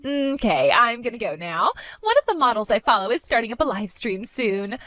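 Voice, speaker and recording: A woman's voice: a little high, big pitch swings, moderate pace, a bit bright, dry recording, faint music behind. A woman voicing a spoiled, bratty young woman who taunts her older sister in a mocking, sing-song way. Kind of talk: animated story voice acting.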